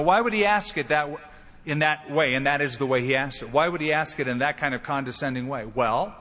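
Preaching man in a long-echo hall. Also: fairly bright tone. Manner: emphatic preaching, acting out quoted lines with rising pitch. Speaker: pastor. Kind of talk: sermon.

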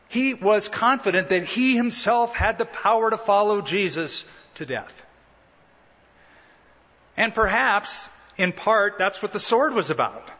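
A man with a bright, slightly high voice preaches a sermon, explaining things conversationally and tossing in rhetorical questions and humorous asides. The recording is muffled and lo-fi, with a long reverb trailing through a large church sanctuary. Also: expressive, unhurried, slightly rough. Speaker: pastor. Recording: dull lo-fi sound with long hall reverb.

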